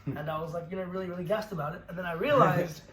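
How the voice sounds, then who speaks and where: A man's voice: sits high, a bit bright. A young man co-hosting a podcast, telling a story in casual chat, swearing freely and laughing through it. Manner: brisk, profane, laughs through his own story. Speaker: podcast co-host. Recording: roomy echo with faint noise.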